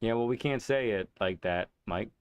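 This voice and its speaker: A laid-back man hosts a live game stream, answering chat in a loose, meandering way with plenty of fillers and soft chuckles. His voice sits somewhat low. The sound is close and dry, with no room around it. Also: moderate pace, smooth, dry recording. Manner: relaxed and rambling, with many fillers and chuckles.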